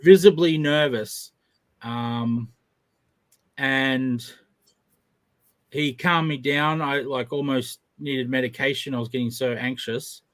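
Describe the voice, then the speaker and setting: A man's voice: mid-range voice, fairly even intonation, takes it slowly, pauses often, fairly bright tone, no room sound. A man in his forties co-hosting a casual live stream, candid and self-deprecating, laughing easily. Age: 40s. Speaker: stream co-host.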